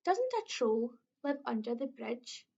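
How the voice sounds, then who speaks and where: A woman's voice: a little high, very animated, a little slow, vocal fry, a little mellow, slightly rough, exaggerated voice. A woman with a Scottish accent voicing the middle-sized billy goat, doubtful and fretful. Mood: worried. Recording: dull lo-fi recording.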